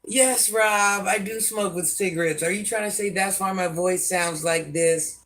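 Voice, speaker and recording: An older woman hosting a casual livestream, answering viewer comments bluntly and sassily, often talking about herself in the third person. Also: on the low side. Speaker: livestream host.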